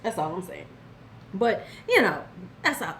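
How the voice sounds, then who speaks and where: A woman's voice: medium pitch, big pitch swings, measured pace, fairly bright tone, slight background noise. An older woman vlogging casually about beauty, giving blunt, sassy advice straight to the viewer and answering chat now and then. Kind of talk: casual commentary vlog.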